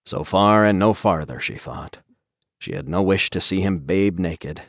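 A man with a very low, deep voice narrates a dark tale in a measured, deliberate way. The recording is dry and close, with no room sound. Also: no echo. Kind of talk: audiobook narration.

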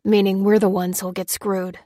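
A woman's voice: mid-range voice, little pitch movement, moderate pace, warm tone, dry recording, natural voice. A woman voicing a sarcastic young female soldier who trades dry, mocking quips.

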